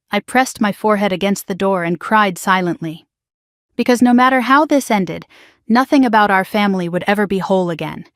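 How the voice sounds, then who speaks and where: A woman narrating a dramatic first-person family story in a hushed, emotional way on a close mic. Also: mid-range voice, dry recording.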